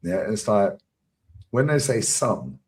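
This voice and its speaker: A man's voice: lowish voice, big pitch swings, unhurried. A man in casual fan chat, swearing freely and laughing often. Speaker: fan channel co-host.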